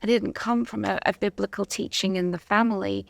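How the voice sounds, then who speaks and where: Gravelly-voiced woman with mixed accent. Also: medium pitch, steady tone, fairly quick, dry recording. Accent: mixed Southern African and British. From Zimbabwe. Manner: chatty, laughs often, hesitant with many ums. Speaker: guest. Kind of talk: casual interview chat.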